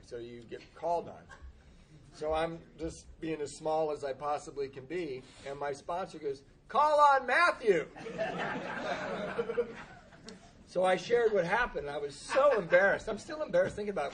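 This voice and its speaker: Man with a slightly high voice, candid recovery storyteller, self-deprecating and chuckling at his own mistakes. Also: rough recording. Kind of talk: humorous personal storytelling.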